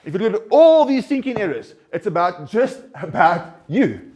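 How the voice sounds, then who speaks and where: A man's voice: high voice, very animated, normal speed, a little mellow, slightly rough. A man counseling a recovery group, talking earnestly and conversationally, often restarting and pressing his points with rising emphasis. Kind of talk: informal group talk.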